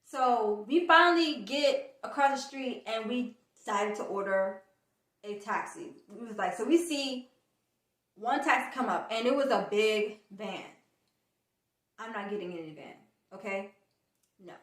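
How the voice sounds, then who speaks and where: A woman's voice: fairly high pitch, measured pace. Woman vlogger telling a story in an echoey room. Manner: animated storyteller, acts out quoted dialogue. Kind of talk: casual storytime vlog. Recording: echoey room, distant mic.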